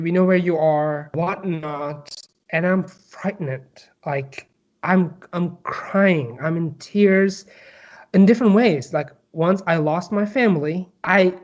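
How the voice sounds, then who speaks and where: A young man from Turkey with a Turkish accent, telling his personal story as an interview guest, halting with many fillers and restarts. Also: on the high side, darkish tone, highs cut off.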